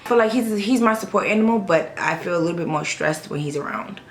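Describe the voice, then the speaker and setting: A woman's voice: on the low side, fast talker. Emotional young woman vlogging in an echoey room. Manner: emotional, hesitant, holding back tears. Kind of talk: casual vlog talk to camera. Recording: echoey room with faint background noise.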